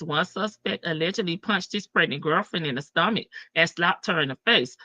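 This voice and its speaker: Bright-voiced woman live-stream host. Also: fairly low pitch, no echo. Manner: chatty, greets viewers by name, reads articles aloud. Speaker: livestream host. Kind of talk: casual live-stream chat and news reading. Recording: slightly dull, dry stream audio.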